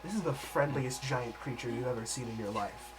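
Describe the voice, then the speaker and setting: A man's voice: mid-range voice, over loud music, low-quality recording. Casual man running a tabletop game. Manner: casual, laughing, quick asides. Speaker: game master.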